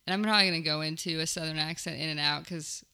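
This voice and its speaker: A woman's voice: low voice, fairly even intonation, fast, bright, forceful tone, clear, resonant tone. A young woman, a touring comedian, chatting casually and rambling as a guest, laughing often. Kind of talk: casual chat.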